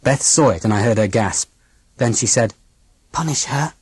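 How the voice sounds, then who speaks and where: An audiobook narrator telling a first-person story in a dramatic, expressive reading. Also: mid-range voice, moderate pace, breathy edge, no room sound.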